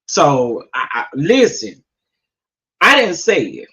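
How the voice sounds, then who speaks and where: A man doing casual gossip commentary, sassy and animated, talking straight to his viewers. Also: a little high, slow pace. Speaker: commentary vlogger.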